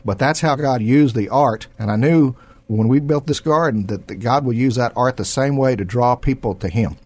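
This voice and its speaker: A man's voice: mid-range voice, moderate pace, a little mellow. Man telling a faith healing story. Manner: rambling storyteller with many fillers and throat clearing. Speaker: sculptor and show regular. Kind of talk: testimony in a Christian talk show.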